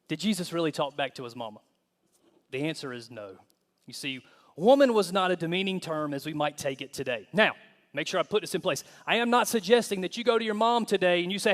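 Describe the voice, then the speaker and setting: A man pastor preaching a sermon, animated and humorous, acting out quoted voices. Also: high voice, fairly quick. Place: church sanctuary. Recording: long hall reverb.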